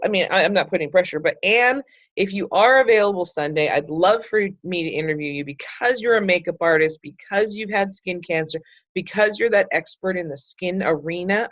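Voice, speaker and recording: A chatty, enthusiastic middle-aged woman with a fairly low voice leads a group discussion over a video call. She is heard on dull, slightly muffled audio. The sound is dry and close, with no room echo. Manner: chatty and enthusiastic, with many fillers. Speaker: group leader hosting a book club call. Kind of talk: casual group talk.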